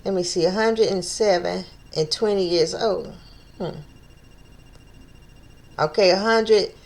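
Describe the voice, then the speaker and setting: Woman, mid-pitched, leads a casual Bible study; reads scripture, stumbles on names, thinks aloud. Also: slow, gravelly. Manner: thinks aloud, stumbles over names, repeats phrases while working things out.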